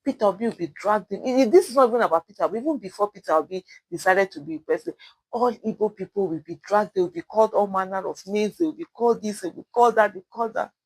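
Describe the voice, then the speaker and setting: A woman's voice: mid-range voice, quick pace, slightly rough, no room sound, rough recording. A Nigerian woman from Edo State with an Edo accent, hosting casual spoken commentary, rambling with many fillers and self-corrections, earnestly urging her listeners. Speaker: commentary host.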